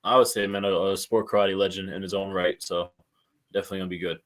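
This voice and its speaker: A man co-hosting a casual podcast chat, animated and acting out quotes as he tells a story. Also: low-pitched, quick pace, rough recording. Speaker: podcast co-host.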